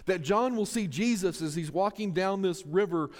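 A male preacher delivering a sermon as animated storytelling, often chaining his thoughts with repeated "and." His voice sits high for a man. Long hall reverb trails after each phrase. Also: moderate pace.

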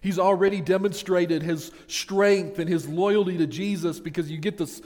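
A man's voice: high-pitched, fairly even intonation, normal speed, darkish tone, in a large hall. A man preaching a sermon in a conversational way, asking his listeners rhetorical questions. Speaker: pastor.

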